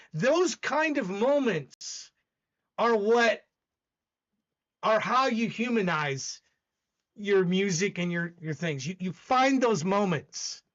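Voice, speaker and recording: A man's voice: high-pitched, fairly bright tone, lo-fi sound. A man hosting a casual stream, talking intensely and emphatically with frequent restarts. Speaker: host. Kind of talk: casual livestream chat.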